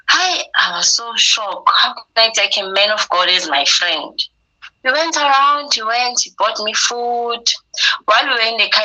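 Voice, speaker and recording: A woman's voice: medium pitch, low-quality recording. A woman telling a personal story, acting out the things people said to her. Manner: quotes herself and others in a lively retelling.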